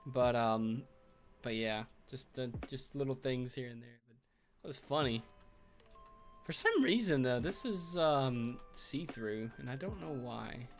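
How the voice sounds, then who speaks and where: A man's voice: medium pitch, a little slow, soft background music. A man hosting a livestream, casually talking through his work, thinking aloud with fillers and chuckles. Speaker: livestream host building a game world. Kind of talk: casual livestream commentary while working.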